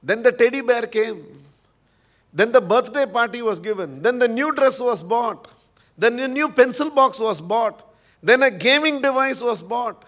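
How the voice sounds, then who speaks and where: A man with an Indian English accent giving a spiritual discourse as a teacher, telling a parable in a storytelling manner and acting out the voices of a child and an uncle, his delivery swinging between soft and emphatic. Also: extremely high pitch, lively intonation, measured pace.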